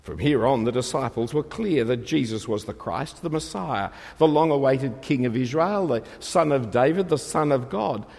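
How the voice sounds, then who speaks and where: A man's voice: mid-range voice, moderate pace, creaky, few pauses, darkish tone. A man preaching a sermon, emphatic and rhetorical, asking his listeners questions. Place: church. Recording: long reverb of a large hall.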